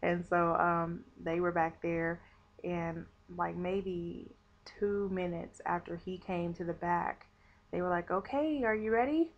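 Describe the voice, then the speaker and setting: A woman's voice: lowish voice, monotone, takes it slowly. A woman vlogger telling a personal story to camera in a chatty way, with many fillers. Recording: dull lo-fi webcam audio.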